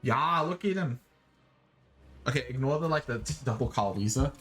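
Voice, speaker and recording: A man's voice: mid-range voice, animated, normal speed, a bit bright, soft background music. A young Australian man streaming a game, chatting casually and goofing around with viewers. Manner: goofy, playful, swears, sings robot noises. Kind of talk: casual gaming stream chat.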